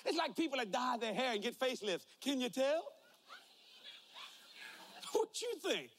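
A man with a high voice preaches with folksy humor, telling jokes and stories before driving home his points. His delivery is emphatic and conversational. Faint ambient noise sits behind him. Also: very animated, moderate pace, a bit bright. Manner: joking, folksy storytelling, emphatic. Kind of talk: humorous sermon.

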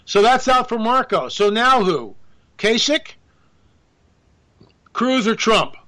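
A man's voice: extremely high pitch, big pitch swings, slow pace, pushed and bright. A man hosting a radio show, riffing through a sarcastic, rambling political monologue with jokey asides.

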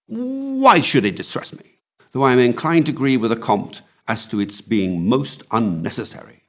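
A man doing a prickly defensive gentleman. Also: medium pitch, sing-song, moderate pace, pitched above the performer's own voice. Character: touchy, defensive English gentleman guest.

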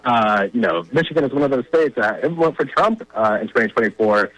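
A man's voice: mid-range voice, lively intonation, a little fast, a bit bright, no echo, rough recording. A man giving conversational political commentary as a guest on a talk show line, with frequent fillers and emphatic points. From Virginia.

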